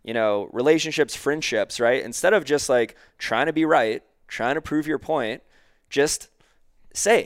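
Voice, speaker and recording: A man co-hosting a casual podcast, telling stories and acting out quoted people with lively jumps in his voice. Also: unhurried, clear, resonant tone, no echo, clean studio sound. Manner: animated storyteller, acts out quoted characters with big pitch jumps. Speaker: podcast co-host.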